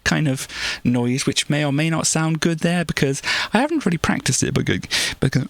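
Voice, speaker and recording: Rambling woman streamer with a gravelly voice. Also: low voice, animated, moderate pace, hardly any pauses, no echo. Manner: rambling, with many restarts and laughs; breaks into playful put-on voices. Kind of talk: casual livestream chat.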